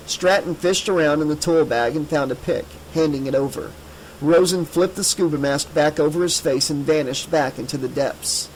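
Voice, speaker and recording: A man narrating an audiobook in a measured, steady way. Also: fairly high pitch, slight background noise, low-quality recording. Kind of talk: scripted narration.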